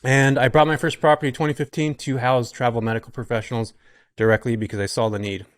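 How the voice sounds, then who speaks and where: A man in his forties from California, a podcast guest telling his story in a relaxed, chatty way with plenty of ums. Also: mid-range voice, quick pace, dry recording, studio quality. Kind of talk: casual podcast chat.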